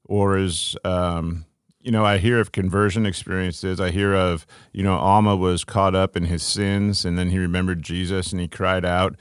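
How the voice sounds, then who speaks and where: Deep-voiced man co-hosting a faith podcast. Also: moderate pace, smooth, dry recording, clean studio sound. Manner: relaxed, thinking aloud with fillers and restarts. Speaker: podcast co-host. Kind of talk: casual faith podcast chat.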